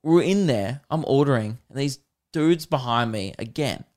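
An Australian man hosting a podcast, chatting casually and telling rambling stories with laughs and quick mimicry. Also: medium pitch, expressive, darkish tone. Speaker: podcast host and comedian. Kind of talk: casual chat.

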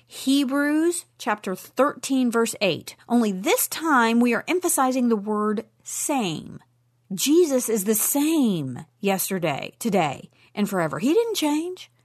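Middle-aged woman teaching scripture, kinda high voice, lively and emphatic, jokey asides. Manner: animated, emphatic, with playful asides. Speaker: Bible teacher.

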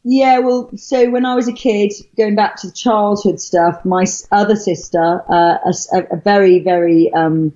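A woman's voice: mid-range voice, steady tone, normal speed, hardly any pauses, mellow. A middle-aged woman from Wales, a guest telling her story in casual chat, rambling with many fillers and restarts. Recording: dull lo-fi sound.

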